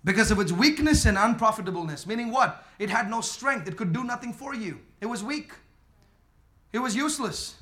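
A man preaching a sermon emphatically, using call and response, swinging between quiet talk and shouting. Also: high voice, lively intonation, fairly quick. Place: church with congregation.

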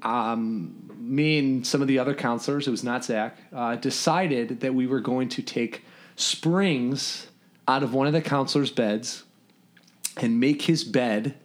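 A man in his forties, appearing as a podcast guest, swaps old camp stories from his days as a camper and counselor in a casual chat. He's an animated storyteller who laughs through his anecdotes and fills pauses with lots of ums, speaking unhurriedly in a mid-range voice.

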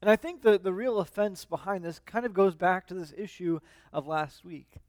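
Man, lead minister, sermon, high voice, dry close sound, chatty with restarts. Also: moderate pace, no echo. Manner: conversational with frequent fillers and restarts; reads scripture aloud.

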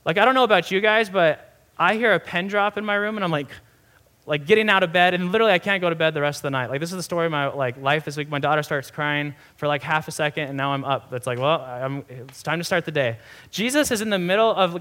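A young man, a pastor, giving a sermon in a conversational, animated way with many asides. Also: a little high.

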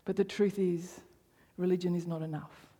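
A woman's voice: lowish voice, little pitch movement, moderate pace, warm tone, breathy edge, in a large hall. A woman preaching a sermon, emphatic, repeating phrases for stress and sometimes dropping to a near whisper.

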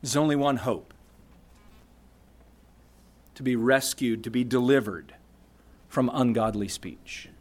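A man's voice: medium pitch, slow pace, pauses often. A man preaching a sermon, emphatic, asking the congregation rhetorical questions and reading scripture aloud. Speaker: pastor.

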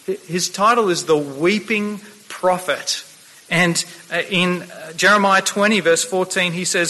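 A man preaching a sermon, earnest, often restarting his words and slowing down to read scripture aloud. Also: high voice, sharp tone. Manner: earnest, stammering restarts, slows for quoted scripture. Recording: long hall reverb.

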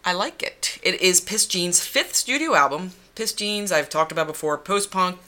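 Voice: medium pitch, lively intonation, moderate pace, sharp tone. A co-host of a music review podcast, talking in a rambling, self-deprecating way with swearing. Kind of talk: casual music review chat.

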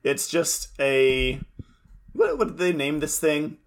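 A man's voice: fairly high pitch, big pitch swings, takes it slowly. A man co-hosting a podcast in casual chat, adding dry, sardonic remarks. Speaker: podcast co-host.

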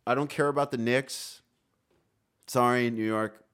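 A man's voice: medium pitch, fairly even intonation, unhurried, fairly bright tone, clean tone. A man co-hosting a casual podcast chat, laid-back, swearing freely and laughing often. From Texas. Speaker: podcast co-host.

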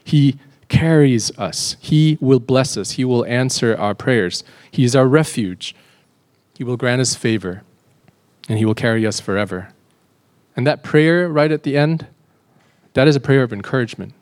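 A male pastor delivering a sermon in an earnest, unhurried way. He stumbles and repeats words now and then, and his voice lifts with emphasis on scripture readings. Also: mid-range voice, a little mellow.

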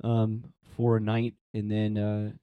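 A man's voice: fairly low pitch, slow, clean tone, dry recording, phone-quality sound. A young man, a priest, telling a personal story in a casual interview, acting out the voices he quotes. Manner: animated, acts out quoted voices, frequent "like" fillers.

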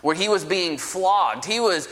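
A man preaching a sermon as pastor, with a lively storytelling manner and folksy asides. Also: high-pitched, a little slow. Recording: preached in a reverberant hall.

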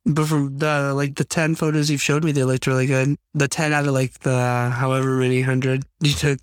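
A man's voice: medium pitch, level tone, moderate pace, no room sound, studio quality. A man co-hosting a podcast in casual chat, rambling and often correcting himself mid-sentence. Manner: rambling, self-correcting, easygoing. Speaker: podcast co-host.

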